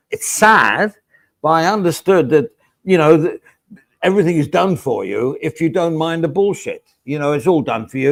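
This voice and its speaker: A man with a gravelly, creaky voice chats loosely as a podcast co-host. He rambles along and drops casual swear words. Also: on the high side. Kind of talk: casual chat.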